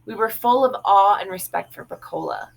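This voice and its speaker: A woman reading a literary novel aloud in a measured, even way. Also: medium pitch, creaky, rough recording. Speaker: audiobook reader.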